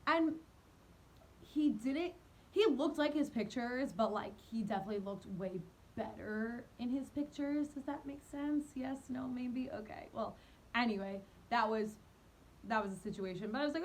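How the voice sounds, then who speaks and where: A young woman telling a dating horror story in a storytime vlog, animated and giggly, mocking herself. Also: fairly high pitch, moderate pace. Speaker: vlogger.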